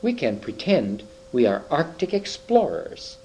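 A man reading aloud, voicing a kind, eager youngest girl in a gentle, soft-spoken way. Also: on the high side, sing-song, measured pace, slight background noise, voice pushed up.

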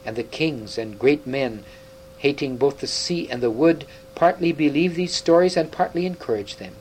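A wise, sorrowful old half-dwarf scholar speaks with grave tenderness, as a male reader puts him on. His voice sits at an ordinary pitch. A faint hum runs behind him. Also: normal speed, darkish tone, natural voice, poor audio. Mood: earnest.

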